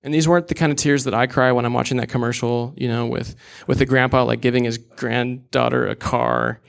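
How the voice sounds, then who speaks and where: Young man preaching, gravelly voice. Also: mid-range voice, flat delivery, fairly quick. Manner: earnest, candid, with casual asides. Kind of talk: sermon.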